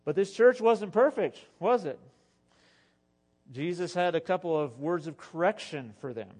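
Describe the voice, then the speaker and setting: A male pastor preaching an animated sermon, exhorting the listeners and slipping in jokes and asides. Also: high voice, a little slow.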